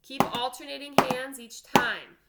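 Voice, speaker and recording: A woman's voice: high-pitched, unhurried, heavy background noise. A woman band teacher giving an online drum lesson, counting aloud and checking in with "all right?".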